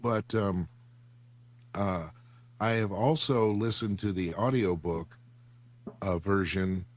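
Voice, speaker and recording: Lower-voiced male co-host, dry and wry, casual book chat. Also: slow pace. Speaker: podcast co-host.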